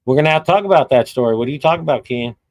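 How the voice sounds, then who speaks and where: A man's voice: on the high side, lively intonation, racing, darkish tone, poor audio. A middle-aged man hosting a live chat stream, talking bluntly and profanely in a rambling, casual rant full of restarts.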